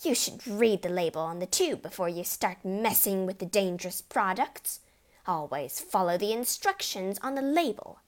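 A woman's voice: mid-range voice, lively intonation, moderate pace, lightly acted. Woman doing a bossy scolding mother. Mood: lecturing. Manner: scolding, sharp.

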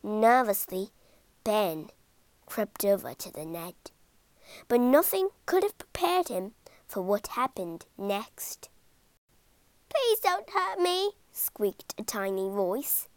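Slow, expressive woman reading a storybook. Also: medium pitch, dry recording. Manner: slow, expressive read-aloud.

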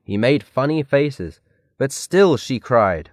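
A man reading a children's picture book aloud in a careful, clear read-aloud manner. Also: medium pitch, big pitch swings, slow, no room sound, studio quality. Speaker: storybook reader. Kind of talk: scripted narration of a children's story.

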